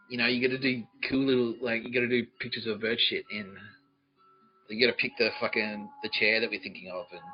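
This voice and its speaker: A man in his forties rants through a comic story, swearing freely in a somewhat low voice. The audio is slightly dull and lo-fi, with faint music underneath. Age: 40s. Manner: profane, ranting, mock-angry. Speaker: podcast host. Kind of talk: comedic storytelling monologue.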